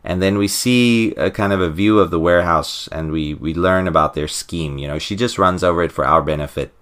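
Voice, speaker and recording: Deep-voiced man rambling through a comic recap. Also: fairly quick, a bit bright. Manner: rambling, full of fillers and restarts. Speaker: podcast co-host. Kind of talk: casual comic recap chat.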